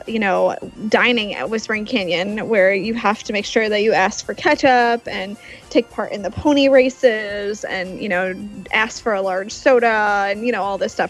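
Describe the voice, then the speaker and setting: A woman's voice: mid-range voice, low-quality recording. A woman on a casual podcast panel, enthusiastic and fond as she talks.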